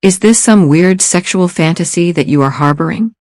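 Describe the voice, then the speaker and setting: A man's voice: sits high, moderate pace, darkish tone, no room sound, clean studio sound, voice pushed up, close to an everyday voice. A man voicing a cheerful, joking male deputy sheriff, teasing and bantering.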